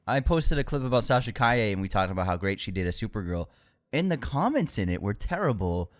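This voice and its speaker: A man's voice: lowish voice, sing-song, quick pace, no room sound, clean studio sound. A man co-hosting a podcast, chatting casually about movie news and reading out items. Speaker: podcast co-host.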